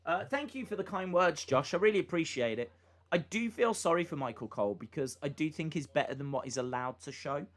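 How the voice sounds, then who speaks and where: A man hosts a live reaction stream and talks in a casual, rambling way. His voice sits a little high and swings widely in pitch. He drifts between asides and quick calls of the action. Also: animated. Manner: rambling, chatty, with lots of fillers and asides.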